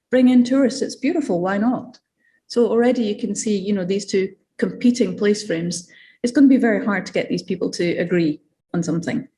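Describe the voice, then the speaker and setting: A woman's voice: medium pitch, a little mellow. A woman with a Scottish accent giving an academic seminar talk in a conversational way, with fillers and asides. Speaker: academic lecturer.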